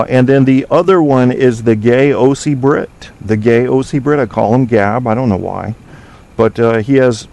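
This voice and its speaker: A man's voice: on the low side, a little mellow. A man hosting a casual talk show from his studio, rambling through provocative, joking banter with plenty of fillers. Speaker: podcast host. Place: home studio.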